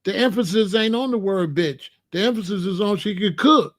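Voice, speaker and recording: At a normal speed and in a high voice, a male livestream host lectures the viewers in his chat, sermonizing and repeating phrases.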